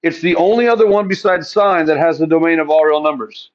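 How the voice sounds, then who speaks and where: Man, math teacher, classroom lecture, quizzes students as he goes, slightly high voice, dull lo-fi recording. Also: brisk. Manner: asks the class questions and answers them himself.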